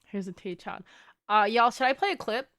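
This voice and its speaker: A young woman game streamer chats playfully with her viewers from home, swearing casually in this relaxed live-stream talk. Her voice sits on the high side, fairly bright in tone, at a moderate pace.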